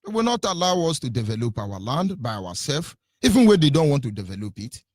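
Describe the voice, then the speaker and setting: A man's voice: mid-range voice, very animated, brisk, a little mellow, dry recording, clean studio sound. A man with a Nigerian accent giving impassioned, mocking political commentary on the radio. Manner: fiery, mocking, mimics voices.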